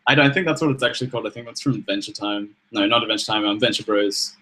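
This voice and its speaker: A man's voice: fairly low pitch, very fast, sharp tone, low-quality recording. Laid-back young man. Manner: laid-back, swears casually, laughs often. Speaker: podcast co-host. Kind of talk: casual chat.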